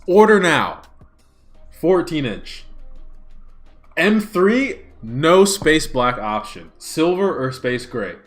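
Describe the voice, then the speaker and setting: Excitable man hosting a reaction livestream. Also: on the high side, slow pace, long pauses, faint music behind. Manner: swings between hyped shouting and muttered grumbling. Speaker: streamer hosting a live watch party. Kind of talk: excitable live reaction stream. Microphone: smartphone.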